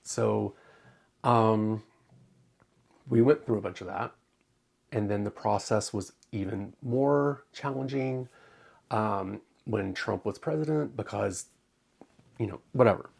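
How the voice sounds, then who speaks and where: Gravelly, husky man on a livestream. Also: on the low side, a little mellow. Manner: emotional, halting, many ums, close to tears. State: tearful. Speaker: crafting channel host. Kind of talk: casual livestream talk.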